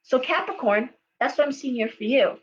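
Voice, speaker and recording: A woman's voice: sits high, moderate pace. Chatty woman reading tarot live. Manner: chatty, storytelling, frequent okays and ums. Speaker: tarot reader. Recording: dull lo-fi sound with faint hum.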